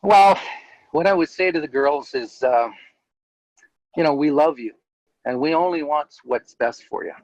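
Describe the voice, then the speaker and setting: A man's voice: on the high side, measured pace, pauses often, no echo, muffled recording. A man, a guest in an interview, telling his own story in a candid, earnest way and laughing now and then as he talks. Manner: earnest, animated, laughs while telling stories. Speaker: interview guest, former Jehovah's Witness elder.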